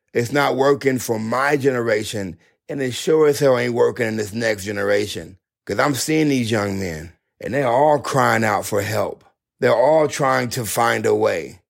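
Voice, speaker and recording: A man's voice: mid-range voice, creaky. A middle-aged man giving an earnest, passionate motivational talk, driving his points home with repeated phrases. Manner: passionate, repetitive, preacher-like emphasis. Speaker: speaker on men's issues.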